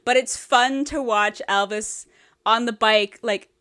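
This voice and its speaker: A woman co-hosting a casual movie podcast, with a slightly high voice. She rambles through the plot with lots of laughter and swearing. Her talk is loose and unscripted. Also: takes it slowly, bright, forceful tone. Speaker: podcast co-host. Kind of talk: casual movie review chat.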